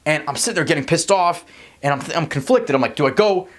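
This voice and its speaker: A young man telling a personal story to his viewers in an emphatic, animated way, often repeating words as he goes. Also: on the high side, fast talker. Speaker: vlogger and public speaking coach.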